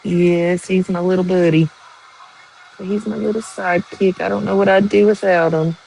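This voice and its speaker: A woman's voice: lowish voice, fairly even intonation, creaky, darkish tone, a little hiss or hum, low-quality recording. A woman chatting casually and rambling to viewers on a live stream. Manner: slow, rambling, with many ums and likes.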